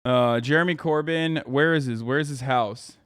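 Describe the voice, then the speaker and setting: A man's voice: medium pitch, normal speed, a bit bright, smooth, no echo, clean studio sound. A man hosting a live stream who reacts to news clips with heated, profane ranting and reads items aloud.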